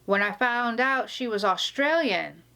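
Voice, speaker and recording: A woman's voice: fairly high pitch, expressive, measured pace, sharp tone, smooth. A woman vlogger talking casually to camera, gushing and rambling, sometimes dropping to a whisper.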